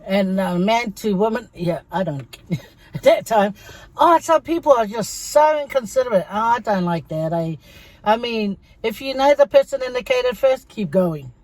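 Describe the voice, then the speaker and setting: A woman's voice: fairly high pitch, animated, moderate pace, a little mellow, no room sound. A middle-aged woman, chatting casually to her viewers in a mukbang vlog and telling stories. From Samoa. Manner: chatty storytelling, addresses viewers as guys. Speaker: vlogger.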